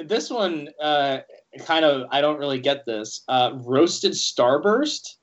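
A man's voice: a little high, animated. A man co-hosting a casual podcast, teasing his friends and reading a list of snack hacks aloud with stumbles. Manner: joking, teasing, reads items haltingly. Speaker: podcast co-host. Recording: muffled lo-fi audio.

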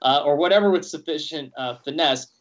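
A man co-hosting a casual podcast, teasing his friends and reading a list of snack hacks aloud with stumbles. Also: a little high. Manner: joking, teasing, reads items haltingly. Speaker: podcast co-host. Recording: muffled lo-fi audio.

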